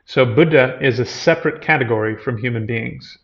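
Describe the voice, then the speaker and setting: A man's voice: mid-range voice, a little fast, gravelly, lo-fi sound. A man giving a teaching talk, retelling an old scripture story and explaining its terms as he goes. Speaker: lecturer on Buddhism.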